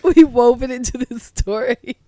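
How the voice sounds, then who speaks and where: In a studio-quality recording with no room sound, a young woman's higher-pitched, dark-toned voice moves at a moderate pace. She's got a cold and is recounting something funny in casual chat, laughing mid-sentence again and again and filling it with "like."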